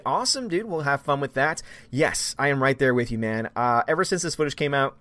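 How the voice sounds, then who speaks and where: A man's voice: on the high side, lively intonation, fairly quick, bright, forceful tone, no room sound. A man hosting a casual live stream, greeting viewers by name and reading their comments aloud.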